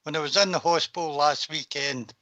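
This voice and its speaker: Older man, panel guest, heartfelt and rambling, bright-edged voice. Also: a little high, fairly even intonation, fairly quick, poor audio. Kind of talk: casual chat.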